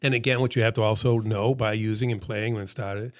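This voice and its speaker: A man's voice: fairly low pitch, fairly even intonation, a little fast. A middle-aged man presenting a seminar in a casual, pep-talk way, repeating his points for emphasis, his throat a bit froggy.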